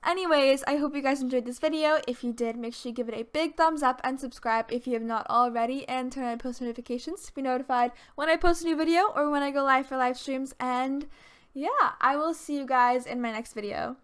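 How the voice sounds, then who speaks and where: A woman narrates her gameplay in a chatty, bubbly way, gushing and excitable as she talks to her viewers. Her voice sits high and light. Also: fairly quick, smooth. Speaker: let's play host. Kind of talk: casual gameplay commentary.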